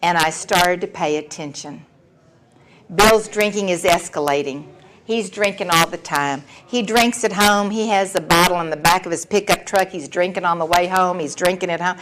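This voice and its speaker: A woman's voice: lowish voice, normal speed, fairly bright tone, low-quality recording. A woman in her sixties sharing her personal story at a recovery meeting, candid and wry, laughing often as she talks. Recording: recording with clear background noise.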